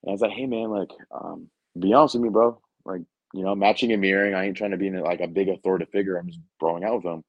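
A young man spins a casual recruiting story, slangy and blunt, full of fillers. His voice sits low. The recording is muffled and dry. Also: fairly even intonation, fast, few pauses, no echo. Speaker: Marine recruiter. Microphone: podcast mic.

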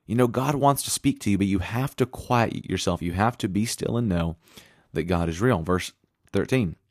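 A man's voice: fairly low pitch, moderate pace, no echo, studio quality. A man preaching a sermon in an earnest, conversational way, reading scripture aloud as he goes.

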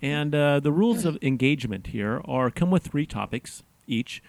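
A man's voice: fairly high pitch, lively intonation, normal speed, a little mellow, no echo. Jovial podcast host man, close dry voice. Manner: jovial, joking, laughs often. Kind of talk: casual chat.

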